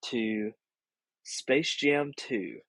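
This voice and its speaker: Gravelly deadpan man, husky low voice. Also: drawn-out words, no room sound. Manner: dry, deadpan humor. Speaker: podcast co-host. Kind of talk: casual chat.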